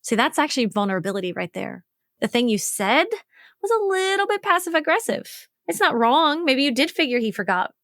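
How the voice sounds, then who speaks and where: A woman relationship coach explaining a method on her own podcast, frank and animated, acting out both partners' lines. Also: high-pitched, brisk, no room sound, clean studio sound. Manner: frank, swears casually.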